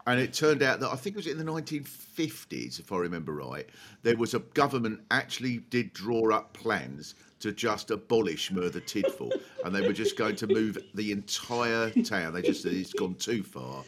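A man hosting a comedy podcast, telling animated anecdotes and acting out the people in them. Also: lowish voice, normal speed. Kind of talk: comic conversation and storytelling.

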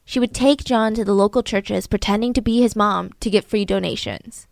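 A woman casually telling a true-crime story to a co-host, chatty and animated, with frequent asides. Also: mid-range voice, moderate pace, gravelly, dry recording.

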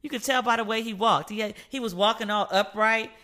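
A woman's voice: fairly high pitch, fairly even intonation, brisk, bright, forceful tone. A woman hosting a casual solo podcast, telling stories in a playful, chatty way and acting out the voices of the people she quotes. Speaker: podcast host.

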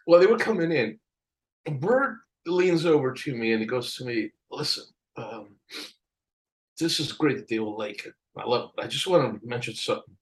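An older man telling a story in a casual interview, animated, acting out the people he quotes and laughing often. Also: medium pitch, moderate pace, rough recording. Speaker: album cover artist telling a story.

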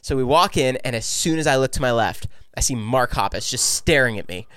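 Man, podcast co-host, animated storyteller, smooth voice, dry close mic. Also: medium pitch, no echo. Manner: animated storyteller, quick asides with "like". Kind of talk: casual chat.

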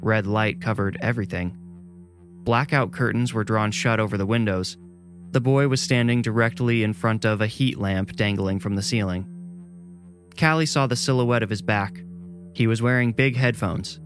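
A man reading a scripted horror story in a measured, deliberate way. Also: lowish voice. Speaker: narrator.

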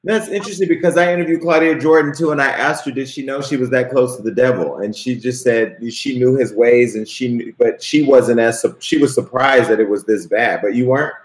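A man hosts a casual sit-down interview, asking questions in a relaxed way and laughing easily at his guest's stories. The room gives his voice a noticeable echo. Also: medium pitch, a little fast, few pauses. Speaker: host. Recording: roomy echo.

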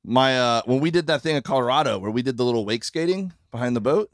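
A man's voice: mid-range voice, fast, no room sound, studio quality. A middle-aged man with a Midwestern accent, a stand-up comic chatting on a podcast in an earnest, rambling way with lots of restarts. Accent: Midwestern American. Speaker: stand-up comedian. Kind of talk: casual podcast chat. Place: tour bus.

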